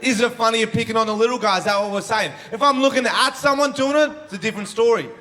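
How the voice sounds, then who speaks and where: A man's voice: very high voice, quick pace. A man doing a brash, profane stand-up comedy set on a club stage. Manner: brash, profane, punchy delivery. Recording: live show with loud crowd laughter.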